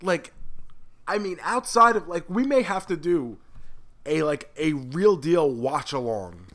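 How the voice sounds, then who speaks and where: Animated higher-voiced man riffing. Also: a little slow. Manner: animated, swears freely, exaggerates for laughs. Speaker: podcast co-host. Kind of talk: casual pop culture chat.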